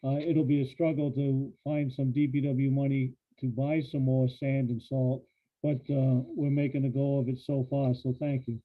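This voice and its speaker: A man's voice: medium pitch, flat delivery, moderate pace. A man reporting steadily to a town council as public works director, with some fillers. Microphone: phone or call line. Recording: tinny phone-line audio.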